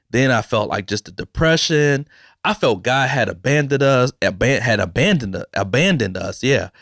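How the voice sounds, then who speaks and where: A man's voice: mid-range voice, creaky, a bit bright, no echo, clean studio sound. A man hosting a podcast, talking candidly and emotionally in a casual, personal style, with slang like "bro" and "man". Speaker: podcast host. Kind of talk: personal reflective talk.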